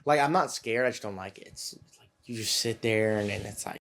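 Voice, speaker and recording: A man's voice: on the low side, fairly quick, fairly bright tone. A man from Santa Clarita on a casual podcast, hesitant, often repeating words and trailing off. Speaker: podcast co-host. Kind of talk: casual chat.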